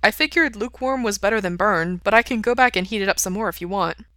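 A woman's voice: mid-range voice, quick pace, fairly bright tone, no room sound, studio quality, voice pushed up, lightly acted. A woman reading aloud and voicing an earnest, devoted young man who sounds eager and a little nervous.

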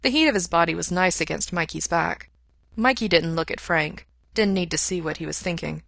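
Calm, low-voiced woman reading a story. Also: a little fast, creaky, no echo, clean studio sound. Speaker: reader. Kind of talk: audiobook narration of fan fiction.

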